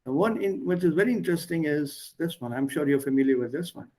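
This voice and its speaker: A man teaching a language lesson online, explaining word pairs patiently with pauses. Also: a little high, animated, mellow, rough recording.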